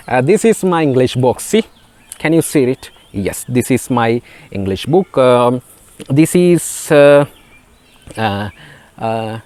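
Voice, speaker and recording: A Sri Lankan man, a native Sinhala speaker, teaches a beginner spoken English lesson. He speaks haltingly in a mid-range, slightly mellow voice, using many fillers and repeated words.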